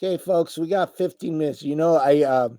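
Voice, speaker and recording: A middle-aged man hosting a casual livestream, greeting viewers and talking haltingly with many pauses, tired and emotional. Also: on the high side, warm tone, no echo. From United States. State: tired, voice wearing out. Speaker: livestream host. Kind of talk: casual live chat reading viewer comments.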